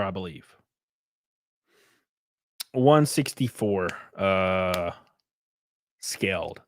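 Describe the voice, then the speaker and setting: A man's voice: mid-range voice, fairly bright tone, no room sound. A male streamer chatting loosely and cursing at his audience as he fumbles with links. His voice sits in the middle range and sounds dry and close, with no room around it. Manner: loose, swearing, talking to chat while setting up. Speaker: host. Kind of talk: casual livestream chat.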